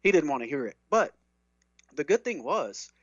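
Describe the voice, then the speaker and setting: A man's voice: a little high, very animated, normal speed, no room sound. A man who talks earnestly about medical cannabis, rambling along with fillers and restarts. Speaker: cannabis advocate speaker. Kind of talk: conversational talk. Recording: dull dry lo-fi sound.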